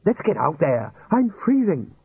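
A man voicing a wistful, cold old wizard who pleads in a drawn-out, whining way. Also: fairly high pitch, wildly swooping pitch, darkish tone, slightly rough, dry recording, highs cut off, voice pushed up, heavily acted.

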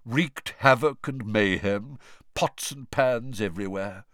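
A man's voice: medium pitch, slow, fairly bright tone, dry recording, studio quality. A man voicing a prim, pompous old male ghost. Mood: genteel, chatty. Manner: prim and chatty, full of gossip.

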